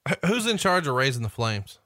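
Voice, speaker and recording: A man's voice: mid-range voice, sing-song, brisk, sharp tone, dry recording. A man interviewing a guest, asking brief, direct questions.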